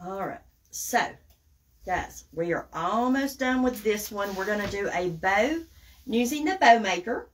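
A woman's voice: medium pitch, lively intonation, unhurried. Woman, Southern accent, craft livestream host, folksy, chatty, casual demo talk. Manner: chatty and folksy, addresses viewers as guys and y'all. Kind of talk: casual live craft demo, reading viewer comments.

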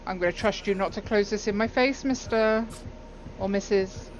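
A woman's voice: medium pitch, moderate pace. A woman streaming a game, chatting casually in a playful, teasing, pleading way. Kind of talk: casual gameplay banter. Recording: dull lo-fi stream audio with faint noise.

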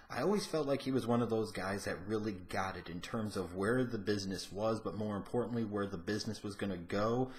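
A man giving frank, casual commentary as a wrestling show reviewer, opinionated and cursing now and then. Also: on the low side.

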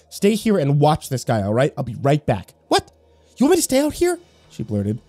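Male horror narrator, dramatic storytelling, lively pitch, dry close sound. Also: dry recording. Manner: dramatic storytelling, loud shouts for his own character.

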